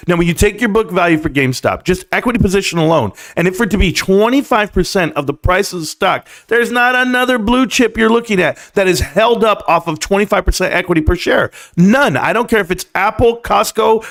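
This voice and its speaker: Chatty higher-voiced male stream host. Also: a bit bright. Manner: chatty, storytelling, emphatic. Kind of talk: casual live-stream market talk.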